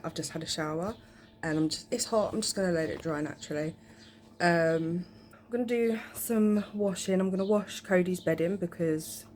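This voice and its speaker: A woman's voice: fairly low pitch, slight background noise. A young woman chatting casually in a home vlog, rambling with lots of ums. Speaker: vlogger. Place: home, indoors.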